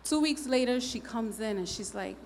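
A woman's voice: a little high, animated, moderate pace, slight background noise. A woman telling a candid, humorous personal testimony to a congregation, chatting loosely and acting out what people said. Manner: conversational, with frequent fillers. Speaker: church member giving testimony.

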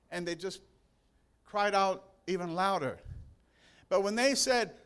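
A male pastor preaching a sermon in church, retelling Bible passages with emphatic, drawn-out stresses and touches of humor. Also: sits high, fairly bright tone, clean tone.

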